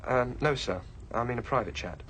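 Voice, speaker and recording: A young actor playing a touchy teenage son waiting on exam results in a TV drama. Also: male voice, medium pitch, fairly quick, background noise, close to an everyday voice. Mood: earnest. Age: teens. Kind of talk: 1980s British TV drama.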